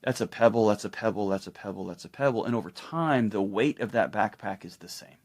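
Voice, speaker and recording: A middle-aged man explaining ideas as a podcast guest, telling stories in a lively way and acting out the people he quotes. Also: on the low side, fairly quick. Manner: animated storytelling, acts out quoted people. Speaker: guest expert. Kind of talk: conversational explanation.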